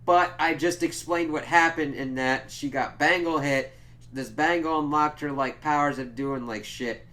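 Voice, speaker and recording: A man's voice: on the high side, steady tone, unhurried, bright, forceful tone, slight background noise. A young man giving a casual spoiler review of a TV episode, rambling and sarcastic, swearing constantly. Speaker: TV show reviewer.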